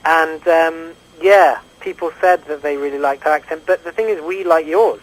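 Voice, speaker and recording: Tipsy British man, rambling and halting. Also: a little high, low-quality recording. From Britain. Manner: halting, rambling, many restarts. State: drunk. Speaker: guest. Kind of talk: casual radio interview.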